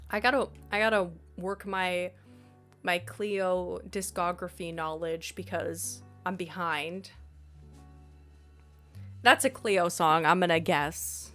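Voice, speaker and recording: A woman's voice: lowish voice, a bit bright. A congested woman streamer chatting casually with her viewers in a bubbly, chatty way. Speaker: live streamer. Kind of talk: casual live-stream chat reading viewer messages.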